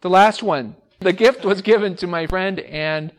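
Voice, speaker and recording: Upbeat teacher with a higher voice. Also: male voice, unhurried. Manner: energetic, asks the class questions, repeats words for emphasis. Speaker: English teacher and speech coach. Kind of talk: classroom lecture.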